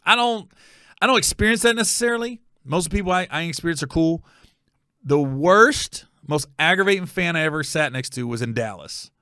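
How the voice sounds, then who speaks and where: A man's voice: a little high, brisk, dry recording, clean studio sound. A middle-aged man, a comedian hosting his own show, telling stories in casual chat and acting out the people in them. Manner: animated, acts out voices in his stories. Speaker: comedian and podcast host. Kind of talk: casual storytelling monologue.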